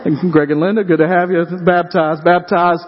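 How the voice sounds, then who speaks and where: A man's voice: high-pitched, flat delivery, moderate pace. A man preaching a sermon, telling stories in a conversational way and asking the congregation questions. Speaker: pastor. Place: church sanctuary. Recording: dull sound with long reverb in a hall.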